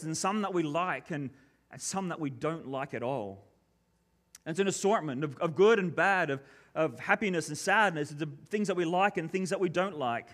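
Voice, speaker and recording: A man with a high voice is a pastor giving a sermon. He reads scripture and then preaches in an earnest, measured way.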